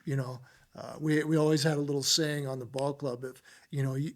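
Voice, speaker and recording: A man, a former ballplayer, telling stories as a podcast guest in an animated, rambling way full of "you know"s. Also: mid-range voice, fairly quick. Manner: animated, filler-heavy storytelling with many "you know"s. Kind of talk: casual storytelling interview.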